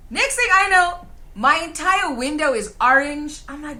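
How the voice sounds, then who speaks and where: A young South African woman co-hosting a podcast, telling a story in casual chat, animated, swearing freely and laughing as she goes. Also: high-pitched, measured pace. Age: young adult. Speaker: podcast co-host.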